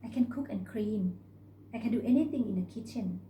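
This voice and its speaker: A woman's voice: on the high side, a little fast, dark tone, slight background noise, natural voice. A woman voicing a cheeky young country woman. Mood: cheerful. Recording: roomy recording.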